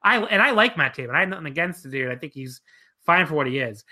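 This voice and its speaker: A woman's voice: low-pitched, fast. A woman co-hosting a casual wrestling chat, telling stories with lots of swearing and cackling laughs. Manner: profane, animated storytelling, cackling laughs.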